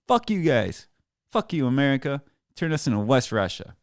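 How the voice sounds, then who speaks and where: Seated at a computer mic in a small studio room, a drummer delivers a heated, mocking rant to his stream viewers, swearing constantly and dripping with sarcasm. His medium-pitched voice is very animated at a normal speed, and the recording is dry.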